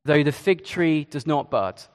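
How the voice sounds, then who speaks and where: A man's voice: on the high side, animated, a little slow, in a large hall. A man preaching a sermon in a conversational way, with hesitations and asides. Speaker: Church of England preacher.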